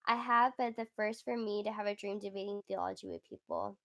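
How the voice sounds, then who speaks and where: A young woman with a squeaky voice hosting a casual livestream, chatty and giggly, filling her talk with "like". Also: wildly swooping pitch, a little fast, a bit bright, dry recording, clean studio sound. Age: young adult. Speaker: livestream host.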